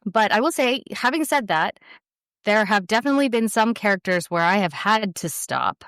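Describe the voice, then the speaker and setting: A woman's voice: mid-range voice, expressive, normal speed, a bit bright, no echo, studio quality. A young adult woman, an audiobook narrator, chatting casually in an interview and rambling with lots of fillers. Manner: rambling, lots of fillers, self-deprecating laughs.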